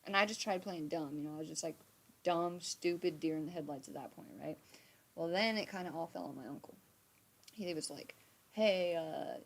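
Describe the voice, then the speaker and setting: A woman's voice: on the low side, brisk. A young adult woman telling a story casually on a live stream, acting out quotes and swearing freely. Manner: animated, swearing, acts out quotes. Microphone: streaming from a computer.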